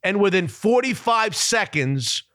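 High bright-voiced man telling a story. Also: a little slow, no room sound, studio quality. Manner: animated, dramatic storyteller who laughs at himself. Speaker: sports radio host. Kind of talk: casual podcast storytelling.

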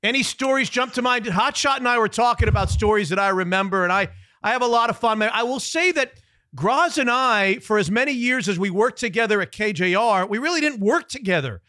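Bright high-voiced male radio host. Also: fairly quick. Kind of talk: casual radio chat.

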